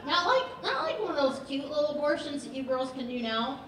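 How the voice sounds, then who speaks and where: High-voiced woman doing stand-up in an echoey theater. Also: sing-song, a little fast. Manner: chatty, dry storytelling delivery. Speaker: stand-up comedian. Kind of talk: live stand-up set. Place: comedy theater stage with audience. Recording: echoey theater, distant mic, loud crowd laughter. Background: audience laughter.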